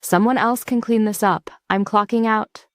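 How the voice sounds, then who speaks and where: A woman's voice: medium pitch, fairly even intonation, normal speed, no room sound, clean studio sound, natural voice. A woman reading Dalen, a smug villain showman. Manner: sarcastic, teasing. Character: smug cocky young male villain streamer.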